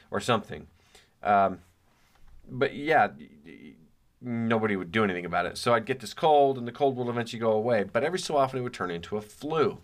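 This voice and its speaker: A middle-aged man with a fairly low voice talks casually and reflectively, as if in conversation with listeners. He drops in dry, self-mocking asides between his thoughts. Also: lively intonation, fast talker. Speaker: podcast host. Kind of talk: casual monologue.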